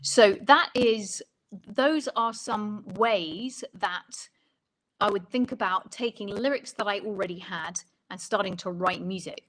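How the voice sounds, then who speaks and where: A woman's voice: mid-range voice, measured pace, fairly bright tone, poor audio. A woman songwriting coach explaining melody and lyric writing in an interview, thoughtful and stopping often to rephrase.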